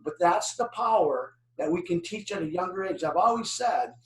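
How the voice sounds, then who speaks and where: An older man with a fairly high voice gives a driver safety talk. He tells animated stories and quizzes his audience. He sits some way from the mic, and the room echoes. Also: moderate pace, distant mic. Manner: animated storytelling with questions to the audience. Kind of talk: presentation to an online audience.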